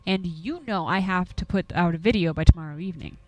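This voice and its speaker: A woman's voice: lowish voice, fast, highs cut off, music in the background, close to an everyday voice. A woman voicing an eager young woman who makes paranormal videos, earnest and coaxing.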